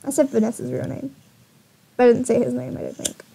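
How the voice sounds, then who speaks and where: A woman's voice: on the high side, fairly even intonation, fairly quick, gravelly, warm tone, slightly rough. A young woman YouTuber telling a dating story in a casual, exasperated vlog style, often laughing.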